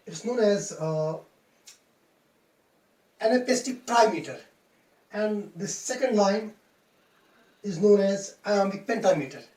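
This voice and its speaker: A man lectures a class on poetry in a high voice, taking his time and going over each point twice. He sounds set back from the mic, and the room adds a clear echo. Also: a little mellow, far from the mic. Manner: slow, deliberate, repeats phrases while explaining. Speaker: English teacher.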